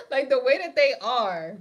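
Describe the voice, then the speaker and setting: This livestream host is a young woman from New York whose high voice comes through with a lo-fi sound. In her New York accent she reads viewer comments casually, laughing often and slipping into slang.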